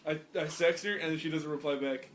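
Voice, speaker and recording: Blunt, swearing young male co-host with a high voice, faint noise behind him. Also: fairly even intonation, fairly quick, a bit bright. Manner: profane, blunt, teasing. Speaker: podcast co-host. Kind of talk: casual chat.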